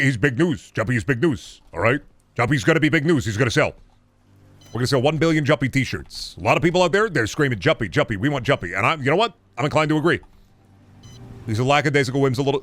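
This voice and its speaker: A man streaming a game, rambling in goofy bits and swearing freely as he plays. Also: no room sound. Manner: rambling, goofy, swings to loud high bits. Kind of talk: casual gameplay commentary.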